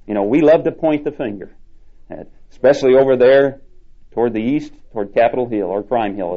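A male preacher delivering a sermon with a dark, mellow tone. He hammers his points home, repeating words and stretching the stressed ones. The sound is dull and lo-fi, like an old tape recording. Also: mid-range voice. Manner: emphatic, repeats key words with drawn-out stresses.

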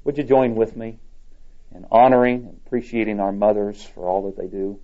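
Male pastor, earnest measured sermon, low mellow voice. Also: little pitch movement. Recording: dull lo-fi recording.

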